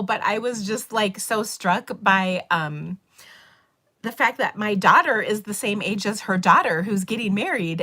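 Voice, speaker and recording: A woman's voice: medium pitch, fairly bright tone. A middle-aged woman, hosting a live stream and chatting casually, rambling through stories with laughs and fillers. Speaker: livestream host. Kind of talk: casual chat.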